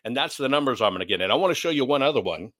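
A man's voice: medium pitch, lively intonation, rapid-fire, fairly bright tone. A man hosting an opinionated commentary show, blunt and sarcastic as he rants. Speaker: commentary host.

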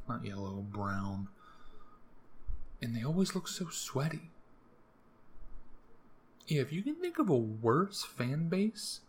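A young man hosting a solo podcast, rambling casually with crude jokes. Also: medium pitch. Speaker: podcast host.

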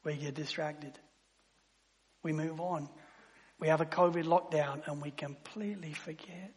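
Male pastor, conversational sermon delivery with hushed drops; hall reverb. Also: fairly high pitch, steady tone, measured pace, slightly rough. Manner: conversational preaching, dropping to near-whispers.

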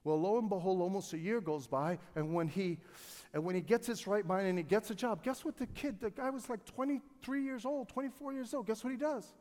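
A pastor preaching a sermon to his congregation, calling for responses and swinging from quiet storytelling to loud, shouted peaks. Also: sits high, a little fast, in a large hall. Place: church sanctuary.

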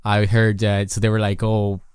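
A woman with a strikingly deep voice co-hosts a casual podcast. She tells stories in a rambling way, laughing often and swearing freely. Her voice comes through a close mic in a dead, dry room. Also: expressive, moderate pace, a little mellow, no echo. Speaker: podcast co-host. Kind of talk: casual chat.

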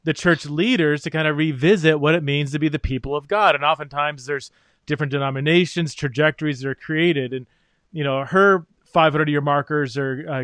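A man's voice: fairly high pitch, fairly bright tone, dry recording. A man hosting an interview, speaking thoughtfully with frequent restarts and fillers. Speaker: podcast host, interviewer. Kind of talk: conversational interview.

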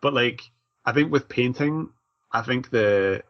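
A man co-hosting a casual podcast chat, relaxed and thinking aloud with lots of fillers. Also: medium pitch, unhurried. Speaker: podcast co-host and event organizer. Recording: dull lo-fi audio.

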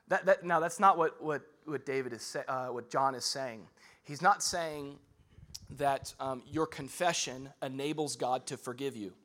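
A young adult man preaching a sermon as a pastor, talking casually and swinging between loud emphasis and soft, earnest passages. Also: fairly high pitch.

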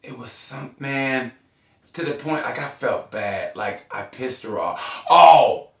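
A man guesting on a podcast tells stories slowly in a gravelly, medium-pitched voice, though he's still animated, cursing and performing the voices of people he quotes. He sits off-mic in an echoey room, so he sounds distant.

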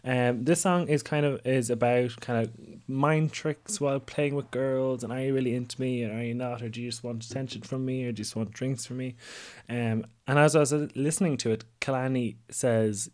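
A man's voice: medium pitch, fairly even intonation, a little fast, a little mellow. Chatty man hosting a music podcast. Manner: chatty, rambling with many fillers. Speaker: podcast co-host. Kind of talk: casual music chat.

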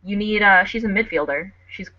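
An American woman co-hosts a casual podcast over a remote call, tipsy from drinking and full of joking, teasing banter. Her mid-range voice moves at a normal pace with no room sound, though the remote-call mic gives dull, lo-fi audio.

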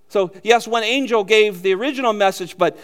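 A man with a notably high voice delivers a sermon. He preaches earnestly, stacking short emphatic phrases and asking his listeners questions. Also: normal speed. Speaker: pastor.

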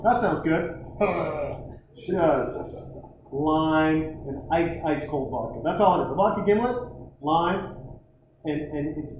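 A man's voice: fairly high pitch, a little mellow, a little hiss or hum. Crude, rambling male storyteller, echoey room. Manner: crude, rambling, self-mocking, acts out other voices. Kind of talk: comic storytelling.

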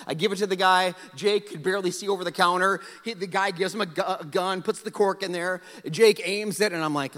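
A middle-aged man from South Dakota preaching a storytelling sermon, animated and self-mocking, acting out his own past lines. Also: high voice, brisk, hardly any pauses. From South Dakota, USA. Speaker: pastor. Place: large church auditorium. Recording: hall reverb.

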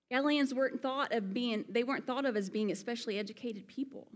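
A woman's voice: fairly high pitch, a little fast. A woman from Alabama with a Southern accent, preaching a sermon in an earnest, conversational way with folksy asides. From Alabama, USA. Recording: long hall reverb.

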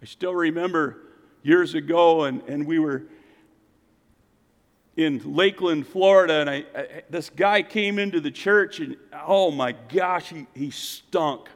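Animated preacher in a reverberant hall. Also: male voice, fairly high pitch, measured pace. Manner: animated, swings from loud to hushed. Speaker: pastor. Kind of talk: sermon storytelling.

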